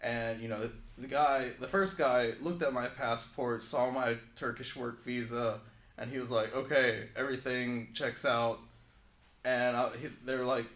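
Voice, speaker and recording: A man's voice: medium pitch, moderate pace, roomy sound. A man who works as an English teacher, telling a story in a casual interview, saying "like" often. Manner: chatty, heavy use of "like", animated retelling.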